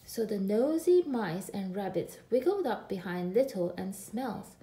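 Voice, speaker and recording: A woman reads a children's picture book aloud, expressive and slow, her voice mellow with a lively rise and fall. The room around her sounds echoey. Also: medium pitch. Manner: expressive, drawn out. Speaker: storyteller.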